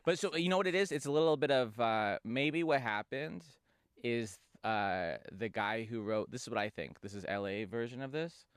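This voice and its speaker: A man's voice: mid-range voice, expressive, normal speed, clear, resonant tone, no room sound, studio quality. A man hosting a comedy podcast, rambling and joking at his own expense. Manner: joking, rambling, self-deprecating. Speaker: podcast host. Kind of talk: casual comedy podcast chat.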